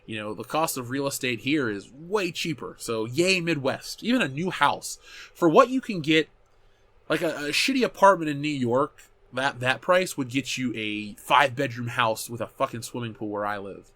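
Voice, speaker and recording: A man in his thirties hosting a casual chat show and reading viewer comments aloud. He talks in an animated way, swears often and corrects himself mid-sentence. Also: medium pitch, moderate pace.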